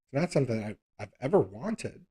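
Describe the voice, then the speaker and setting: Man, Bible study teacher, casual live teaching, thinks out loud, mid-pitched voice. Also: sing-song, a little fast, slightly rough. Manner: conversational, thinks aloud, frequent rhetorical "right?".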